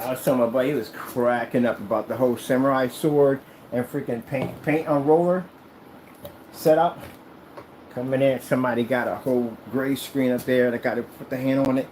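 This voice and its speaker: Man, vlog rant while working, boastful, mocking, rambling, mellow, faint noise behind. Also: mid-range voice, poor audio. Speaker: screen maker.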